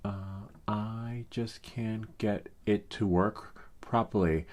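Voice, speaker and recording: A man's voice: low-pitched, a little mellow. A middle-aged man hosting a casual tech tutorial, talking in a chatty, rambling way with many fillers and asides. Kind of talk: casual screen-recorded tutorial.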